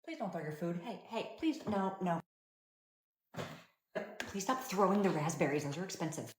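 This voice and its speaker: A woman talking calmly and patiently as a parent, mixing dry humor into everyday parenting skits and advice. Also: on the low side, moderate pace, a little hiss or hum. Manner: calm, patient, dryly wry. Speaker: parent content creator.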